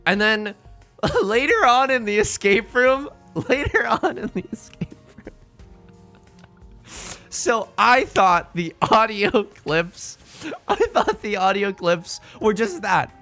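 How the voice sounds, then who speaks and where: A young adult man with a high, bright, forceful voice streams live as he plays a game. He tells a meandering story that mocks himself, laughing frequently along the way.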